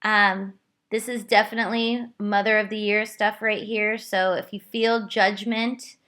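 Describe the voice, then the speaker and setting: A woman's voice: medium pitch, little pitch movement, measured pace, a bit bright. A young woman hosting her own podcast, telling a candid, self-deprecating story about her week. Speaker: podcast host. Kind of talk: confessional solo podcast.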